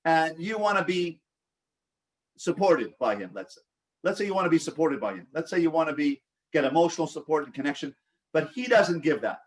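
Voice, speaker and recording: A rabbi teaching a support group, with a slightly high voice that comes from some distance away from the mic. He coaches the listeners, poses questions to them, and acts out the responses they could give. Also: animated, fairly quick. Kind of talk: teaching a live online group session.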